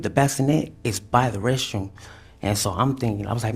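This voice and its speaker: A man with a low voice and a gravelly, creaky texture. He speaks haltingly in a police interview, with many restarts and fillers. When he quotes others his voice goes loud and high. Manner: acts out quotes loudly, high and tense. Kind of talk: recorded police interview testimony.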